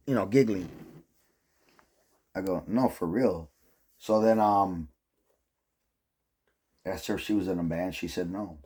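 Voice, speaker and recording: Middle-aged man, low dark husky voice, casual rambling vlog storyteller, swears a lot. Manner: rambling, heavy use of "like" and "um", profane. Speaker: vlogger.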